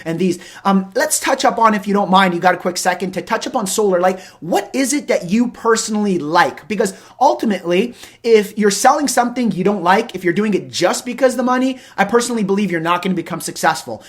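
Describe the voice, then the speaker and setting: A man hosting an interview show, talking in a rambling, animated way and acting out little conversations as he goes. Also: high voice, fast talker, hardly any pauses. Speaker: host. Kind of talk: casual interview chat.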